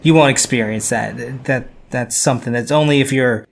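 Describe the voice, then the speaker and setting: A man's voice: medium pitch, moderate pace, creaky. A man co-hosting a podcast, casually explaining a topic step by step. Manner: explanatory, walks through facts step by step. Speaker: podcast co-host.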